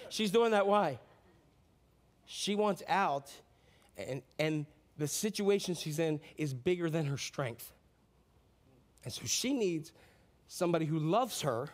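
A man preaching a sermon in a conversational way, acting out quotes and moving between hushed, low lines and excited outbursts. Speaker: pastor.

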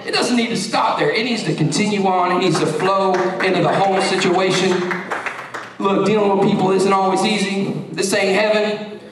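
A man preaches with an animated, joking delivery. His voice sits very high for a man. The recording is distant and soaked in the echo of a large church. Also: moderate pace, crowd noise. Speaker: pastor. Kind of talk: sermon. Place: church sanctuary. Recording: echoey church recorded from afar.

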